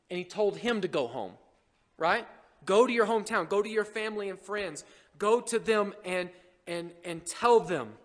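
Male pastor, sermon, animated and joking, high voice, long church-hall reverb.

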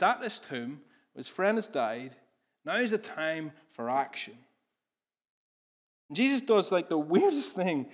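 A man preaching a sermon, earnest and animated, often restarting his phrases. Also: medium pitch.

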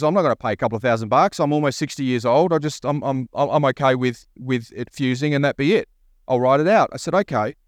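A man's voice: mid-range voice, dry recording, clean studio sound. A man preaching a sermon as pastor, telling a story and acting out both sides of a conversation.

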